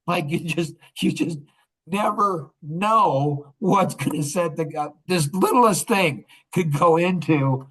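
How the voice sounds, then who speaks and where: A man's voice: fairly high pitch, takes it slowly, a bit bright, rough recording. An older man hosting a podcast, talking in a rambling, casual monologue full of restarts and laughter. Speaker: podcast host.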